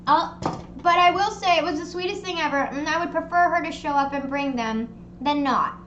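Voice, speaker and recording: A young woman hosting a casual livestream chat from home, telling stories in an animated, rambling way with lots of fillers. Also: sits high, fairly quick, echoey room, highs cut off, slight background noise. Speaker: streamer hosting a live hangout. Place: her home. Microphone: streaming desk mic.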